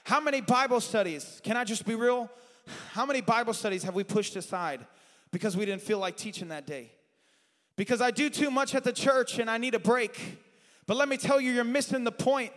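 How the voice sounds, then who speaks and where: A man preaching a sermon in a church, moving from hushed, confessional talk to shouted appeals. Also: extremely high pitch, brisk. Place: church sanctuary. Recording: long hall reverb.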